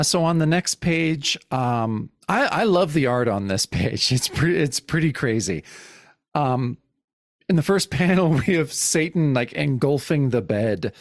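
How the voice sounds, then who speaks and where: Gravelly-voiced man reading comics aloud. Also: a little high, lively intonation, measured pace, no room sound, studio quality. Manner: easygoing, laughs often while reading. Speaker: podcast co-host. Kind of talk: casual chat, reading comic panels aloud.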